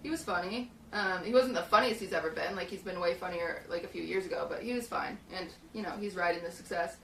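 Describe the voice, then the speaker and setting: A woman's voice: lowish voice, fast, vocal fry, a little hiss or hum. Young woman rambling through a story in a roomy shed. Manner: rambling, filler-heavy, animated retelling. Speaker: streamer. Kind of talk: casual storytelling chat. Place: small hot shed used as a podcast studio. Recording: roomy, distant mic.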